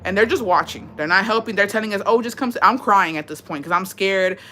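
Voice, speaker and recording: A young woman livestreaming, telling a story to her viewers in an animated, profanity-laden way and slipping in Spanish phrases. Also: medium pitch, quick pace.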